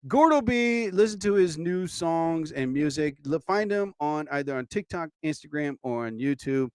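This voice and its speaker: Man, live-show host, rambling casual monologue; clear, smooth voice, dry close sound. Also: fairly high pitch, lively intonation, moderate pace, darkish tone, no echo. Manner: rambling, chatty, many "you know" asides.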